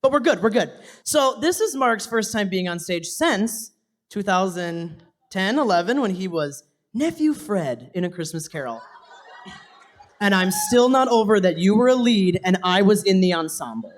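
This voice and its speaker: Young male stage performer, emotional thank-you to family in the audience, earnest, sometimes hushed. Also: sits high, sing-song, normal speed. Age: young adult. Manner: heartfelt, voice dropping to a whisper at times, laughing between phrases.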